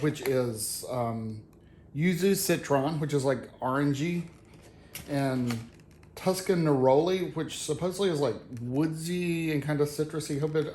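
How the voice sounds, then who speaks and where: A man's voice: a little high, a little mellow. A man hosting his channel, casually chatting through a product unboxing in an easygoing, rambling way with loose fillers. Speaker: product reviewer and channel host. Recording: roomy echo, faint background noise.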